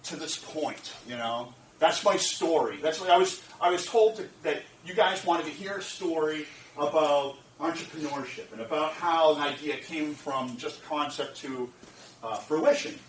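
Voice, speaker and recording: A man with a high voice tells a story to a lecture audience in an animated way, laughing and repeating himself and asking whether they follow. He sounds distant from the mic in a roomy hall, with a faint hum of ambience behind him. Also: normal speed. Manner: animated, laughing, repeats phrases, asks the audience "you get what I'm saying?". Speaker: speaker at a lecture event. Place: lecture room.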